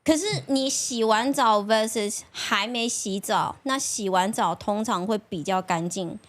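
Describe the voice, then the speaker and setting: A woman's voice: mid-range voice, measured pace. Playful woman asking questions in casual chat. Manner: questioning, playful, mixes Mandarin and English. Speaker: podcast co-host.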